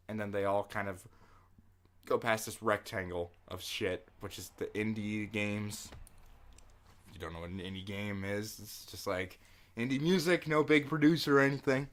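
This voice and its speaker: A young man co-hosting a casual podcast, telling stories in an animated way, swearing and laughing often. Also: lowish voice, moderate pace. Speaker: podcast co-host.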